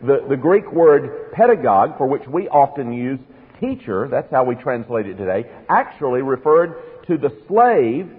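A man's voice: mid-range voice, big pitch swings, normal speed, breathy edge. A man preaching a sermon in an earnest, emphatic teaching manner, asking his listeners rhetorical questions. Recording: phone-like radio broadcast in a reverberant hall.

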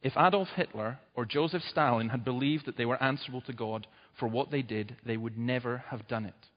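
A man's voice: mid-range voice, a little fast. A man preaching a sermon in an emphatic, urgent way, his voice rising sharply at points of stress. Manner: emphatic, urgent preaching with sudden loud rises. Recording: dull sound with long hall reverb.

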